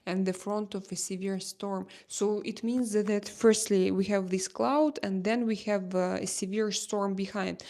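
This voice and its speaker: A woman with a Russian accent hosting a casual livestream chat, reading out viewer comments in a halting way with many fillers and restarts. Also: medium pitch, fairly even intonation, a little mellow. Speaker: livestream host.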